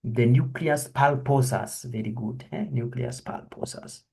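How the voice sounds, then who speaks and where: A man's voice: mid-range voice, unhurried, vocal fry, darkish tone, slight background noise. A man giving an anatomy review lesson, quizzing his students and repeating each question and answer. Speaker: anatomy lecturer. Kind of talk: online histology review lesson.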